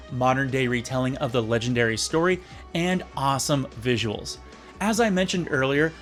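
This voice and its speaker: A man casually reviewing an old episode with sarcastic, jokey asides. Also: on the high side. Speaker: video reviewer.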